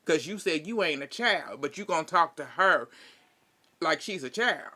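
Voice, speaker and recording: A man's voice: a little high, animated, normal speed, sharp tone. A man giving a chatty, slangy recap in casual commentary, laughing often and adding sassy asides. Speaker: reality TV recap vlogger.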